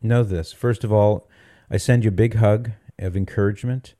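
A man's voice: on the low side, steady tone, moderate pace, warm tone, no room sound, clean studio sound. A man hosting a call-in radio program, reassuring and encouraging a caller. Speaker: radio show host.

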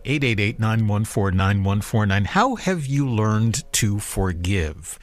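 Lively low-voiced radio host. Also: male voice, unhurried, hardly any pauses. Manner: lively, repeats phone number in sing-song. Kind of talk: radio talk show hosting.

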